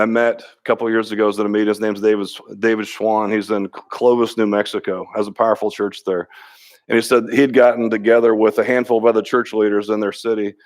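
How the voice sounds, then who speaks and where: A middle-aged man pastor preaching a sermon in a conversational way, often restarting and repeating words, and telling stories with quoted dialogue. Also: fairly low pitch.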